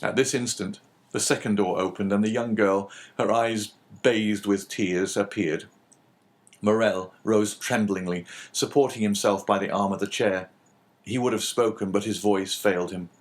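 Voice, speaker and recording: A man reads a classic novel aloud in a steady, measured way, fitting for an audiobook. His voice sits fairly low and even. The narration is unhurried and plainly told.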